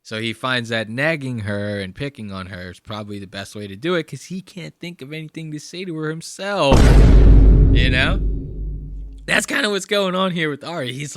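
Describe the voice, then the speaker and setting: A young man hosting a reaction video in casual commentary, talking in a loose, profane, rambling way while a bit high. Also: heavy background noise. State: high on marijuana.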